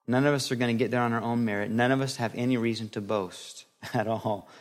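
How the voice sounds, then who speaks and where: Animated middle-aged male preacher. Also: medium pitch, fairly quick. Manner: animated, playful preaching that acts out little scenes. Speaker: pastor. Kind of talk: sermon.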